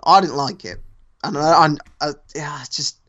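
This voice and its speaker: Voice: medium pitch, a little slow, fairly bright tone, muffled recording. An easygoing co-host with a Nuneaton Midlands accent, chatting casually about wrestling and hedging their views. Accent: Nuneaton, English Midlands. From Nuneaton, England. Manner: easygoing, hedging, laughs easily. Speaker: podcast co-host.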